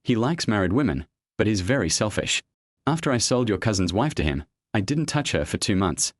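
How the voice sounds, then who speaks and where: A man's voice: lowish voice, very animated, fairly quick, dry recording, clean studio sound. A man voicing a scheming, contemptuous young man in a narrated web comic recap, taunting and sneering.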